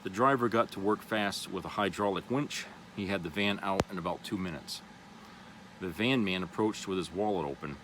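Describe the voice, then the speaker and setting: A man's voice: low-pitched, normal speed, noisy background. A man vlogger reads an article aloud, then comments casually and loosely, with many fillers. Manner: loose and rambling, with many "you know" fillers.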